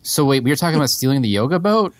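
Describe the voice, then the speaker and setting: Gossipy man, lively pitch. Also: very fast. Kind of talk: improv comedy.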